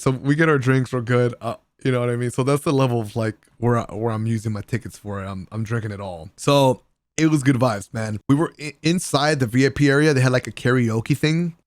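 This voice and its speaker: A gaming content creator telling a casual vlog story about a party, excitable and profane, often laughing and using slang. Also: male voice, mid-range voice, fairly quick, no room sound, clean studio sound.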